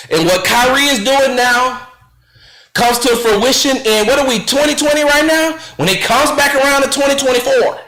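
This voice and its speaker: A man's voice: very high-pitched, moderate pace, pushed and bright, roomy sound, poor audio. A male radio host giving an impassioned commentary, fiery and rhetorical, repeating phrases for emphasis. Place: radio studio.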